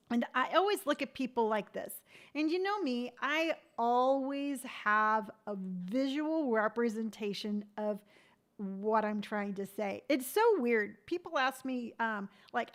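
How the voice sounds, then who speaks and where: A livestream host in her fifties speaks directly to her viewers in a fairly high voice at a measured pace. Earnest and animated, she imitates other people's voices to act out what they said. This motivational chat is a tough-love pep talk, with firm encouragement.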